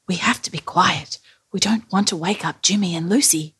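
A woman voicing Santa Claus, a jolly, gentle old man who speaks in a hushed, chuckling manner in a storybook reading. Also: lowish voice, normal speed, husky.

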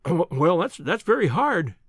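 A man's voice: high voice, big pitch swings, moderate pace, breathy edge, no room sound, studio quality, heavily acted. A man voicing a flustered, earnest young Irish journalist who stammers in an audiobook reading.

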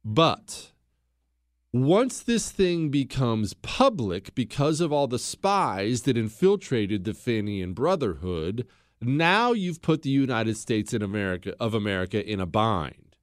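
A man's voice: mid-range voice, sing-song, measured pace, no room sound, studio quality. A man hosting a podcast, telling history in a blunt, opinionated way, mocking people and acting out quotes. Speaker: podcast host.

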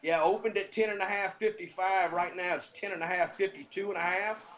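A man with a Southern American accent giving betting lines in casual sports talk, halting with many fillers. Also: sits high, steady tone, fairly bright tone, highs cut off.

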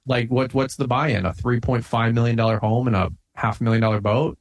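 A man's voice: medium pitch, little pitch movement, a little fast. A middle-aged man, a guest on a podcast, talking in an intense, fired-up way, with lots of "like" and "man". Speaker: podcast guest, lawn care business owner. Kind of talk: casual podcast conversation.

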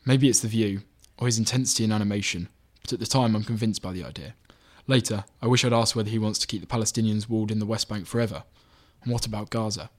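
Low-voiced man reading his article. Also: fairly even intonation, fast talker, hardly any pauses. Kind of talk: scripted narration.

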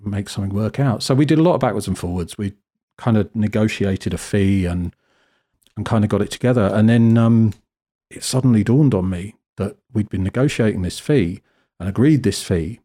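British man, low mellow voice, husky, animated anecdotes, interview guest. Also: normal speed. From Britain. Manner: animated, self-deprecating, acts out quotes. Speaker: guest photographer. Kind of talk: casual anecdotal storytelling.

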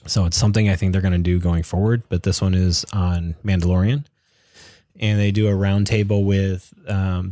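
A man's voice: deep voice, a little mellow, no echo, studio quality. A young man chatting casually as a podcast co-host, rambling with lots of fillers and restarts. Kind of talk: casual chat.

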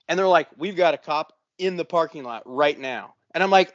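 A podcast co-host with a high-leaning voice tells a story at a moderate pace with few pauses, in a casual chat. He swears constantly and animatedly acts out what other people said. The recording is muffled, lo-fi and dry, with no echo.

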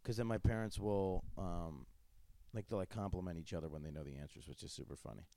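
A man's voice: sits low, quick pace, warm tone, no room sound. A man hosting a casual chat, a crude, joking storyteller who restarts his sentences a lot. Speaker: podcast host.

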